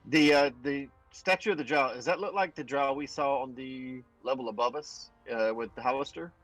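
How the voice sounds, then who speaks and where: A man takes part in a tabletop game, cutting in with questions. His voice sits at a mid pitch in a dry, close room, with faint music behind. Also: moderate pace, fairly bright tone, no echo, muffled recording. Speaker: player. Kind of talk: casual tabletop game play.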